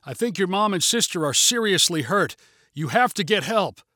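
A man reading an urgent, steady father. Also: high-pitched, moderate pace, no room sound, clean studio sound, full character voice. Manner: urgent, insistent.

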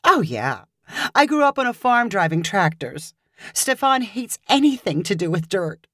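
A woman reading a story aloud, voicing a cheerful, confident woman customer with a bright, playful manner. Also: mid-range voice, big pitch swings, unhurried, no room sound, clean studio sound.

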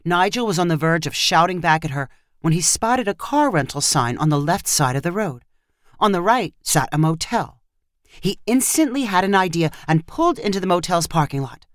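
A woman reads a short story aloud, her pitch lively and rising and falling across each sentence. The sound is dry and close, with no room around her voice. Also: fairly quick, no echo. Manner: expressive storytelling. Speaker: narrator. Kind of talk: audio fiction narration.

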